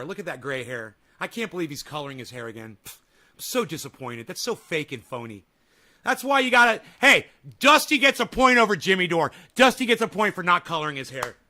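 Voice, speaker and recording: A man with a high-pitched, bright voice gives casual reaction commentary. He talks sarcastically and breaks into yelled rants. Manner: sarcastic, swings into yelling rants. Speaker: streamer reacting to a video.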